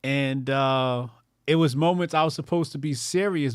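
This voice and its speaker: Man from new jersey hosting his stream, rambling slangy talk, middle pitch, dry mic. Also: normal speed, no echo. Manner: laughing, loose and rambling with slang. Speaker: host. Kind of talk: casual live-stream talk.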